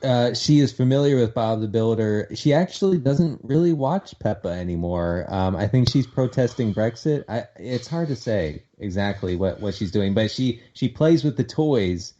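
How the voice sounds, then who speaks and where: An American man with an East Coast accent, a guest on a casual podcast, talking in a wry, halting way with many restarts. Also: mid-range voice, expressive, warm tone, muffled recording.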